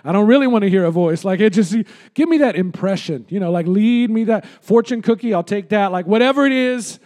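A male pastor preaching an impassioned sermon, calling for amens and rising to shouts. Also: high-pitched, brisk.

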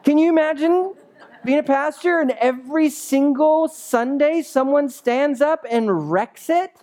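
Conversational, animated male pastor preaching. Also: extremely high pitch, a little slow. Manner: conversational, animated, asks the congregation questions. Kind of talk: sermon. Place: church.

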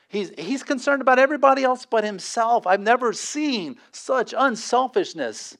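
A man preaching a sermon, shifting between forceful emphasis and hushed intensity. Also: on the high side, very animated, normal speed. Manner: dynamic preaching, dropping to quiet intensity. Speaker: pastor.

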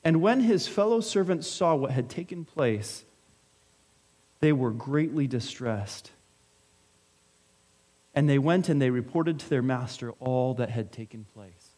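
A man's voice: mid-range voice, expressive, unhurried, long pauses, dark tone, husky. A man preaching a sermon in a conversational way, explaining with everyday examples. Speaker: pastor.

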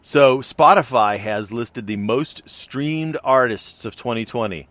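A man's voice: medium pitch, slow, fairly bright tone, no echo. A middle-aged man co-hosting a podcast, chatting casually and rambling with many fillers and restarts. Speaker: podcast co-host. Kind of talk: casual chat.

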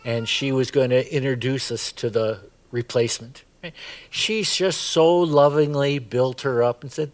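A man's voice: mid-range voice, measured pace. A middle-aged man preaching a sermon as pastor, chatty and full of asides and "right?" tags.

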